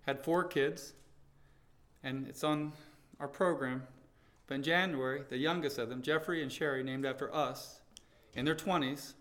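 A man preaching with a bright, forceful voice at an ordinary middle pitch. He swings from loud proclaiming to soft, hushed pleading, and he tells stories along the way. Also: fairly even intonation, moderate pace. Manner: storytelling with quoted dialogue. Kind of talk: sermon.

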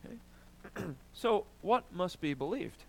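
A man preaching a sermon, emphatic and animated, often asking "right?" and clearing his throat. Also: high voice, slow pace, slight background noise. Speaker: pastor.

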